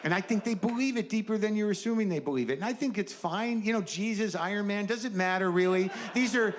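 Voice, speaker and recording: A man's voice: sits high, fast talker. Rambling, profane male stand-up comedian. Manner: rambling, profane, conversational riffing. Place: stage before a live audience. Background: faint audience laughter.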